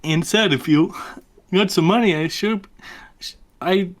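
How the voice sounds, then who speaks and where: A man's voice: high voice, a little slow. A man reading a comic ballad as a hapless man, tacking on "eh" in a sing-song way. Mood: storytelling.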